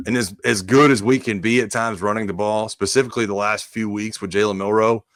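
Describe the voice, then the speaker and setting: Animated male storyteller, dry sound. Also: on the low side, fairly quick, dry recording. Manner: animated storyteller, acts out quotes, says "dude" often. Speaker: former college offensive lineman, podcast co-host. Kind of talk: casual sports podcast chat.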